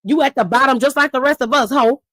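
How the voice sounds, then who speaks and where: A woman's voice: sits high, fast, a bit bright, no room sound, studio quality. A woman playing a tough female wrestler who mocks and confronts a rival. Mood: mocking. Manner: mocking and confrontational.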